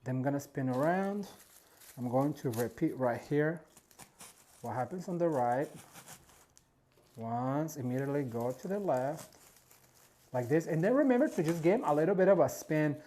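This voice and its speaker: A man walks viewers through arranging flowers in a relaxed, chatty tutorial. His voice is mellow and soft-edged, and he sounds openly delighted with his work as he talks to "you guys" at home. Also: on the high side, normal speed, pauses often, a little hiss or hum. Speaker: floral design instructor. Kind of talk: casual step-by-step tutorial.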